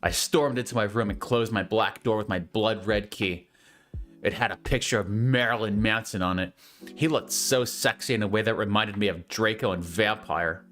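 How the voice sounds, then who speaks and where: A man hosting a comedic reading of fanfiction aloud, mock-serious and deadpan, with sarcastic asides. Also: lowish voice, normal speed, faint music behind.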